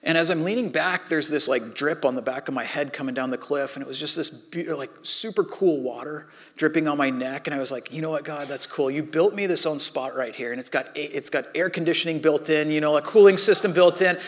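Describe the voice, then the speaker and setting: A man in his thirties or forties preaching a sermon with animated storytelling, sometimes dropping to a soft near-whisper. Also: a little high, fairly quick, few pauses. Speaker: pastor.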